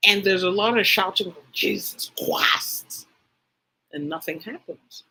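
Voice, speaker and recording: A woman's voice: mid-range voice, normal speed, pushed and bright, husky, poor audio. A woman giving a livestreamed spiritual teaching talk. She speaks emphatically, repeats phrases for stress and speaks directly to her live chat viewers.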